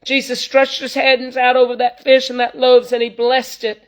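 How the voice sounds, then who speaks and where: A woman's voice: sits high, monotone, moderate pace, rough recording. A woman, preaching informally to online viewers in an earnest, folksy way, full of "you know". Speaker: traveling evangelist.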